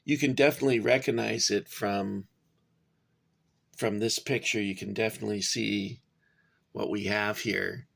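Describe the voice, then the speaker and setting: A man's voice: on the low side, steady tone, moderate pace, vocal fry, pauses often, a bit bright. A man casually reviewing a toy gun model for his viewers, rambling with frequent fillers and chatty asides to "guys". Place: cramped home workspace.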